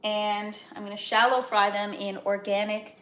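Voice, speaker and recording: A woman's voice: medium pitch, level tone, moderate pace, fairly bright tone. A woman from Canada hosting a live cooking stream, rambling in casual chat and greeting viewers by name.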